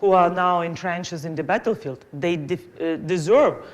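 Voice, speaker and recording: A woman's voice: fairly low pitch, normal speed. A woman with a Ukrainian accent, a native Ukrainian speaker, answering as a conference panelist in earnest, non-native phrasing.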